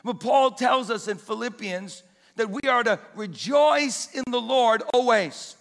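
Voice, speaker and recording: A pastor preaching a sermon with emphatic, repeated exhortations in a church. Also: male voice, very high voice, lively intonation, a little slow, vocal fry, a bit bright, big-room sound.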